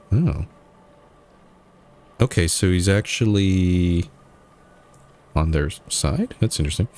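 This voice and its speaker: Give me a deep-voiced man musing through a game as he plays. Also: animated, slow pace, long pauses, darkish tone. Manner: thinking aloud, musing. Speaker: gamer. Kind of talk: let's play commentary.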